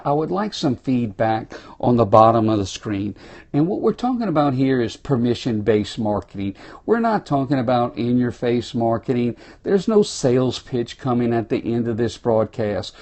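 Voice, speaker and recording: A man's voice: medium pitch, darkish tone. A man from South Louisiana with a Cajun accent, giving a folksy, exuberant motivational talk to viewers on a phone livestream from a small room. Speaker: motivational speaker. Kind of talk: live-streamed motivational talk.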